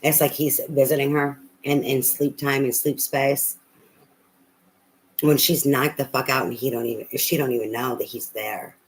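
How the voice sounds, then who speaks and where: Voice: medium pitch, level tone, moderate pace, low-quality recording. A tarot reader giving a casual reading, talking bluntly and emphatically with a lot of profanity and repetition.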